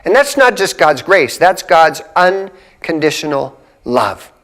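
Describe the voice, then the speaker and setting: Earnest high-voiced man giving a devotional. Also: big pitch swings, slow, fairly bright tone. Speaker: ministry leader. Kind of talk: short devotional talk.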